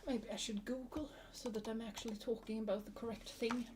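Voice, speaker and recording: A woman's voice: on the high side, fairly even intonation, a little fast, noisy background. Chatty young woman. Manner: chatty, laughs often, rambling. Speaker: vtuber streamer. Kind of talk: casual chat to a live chat.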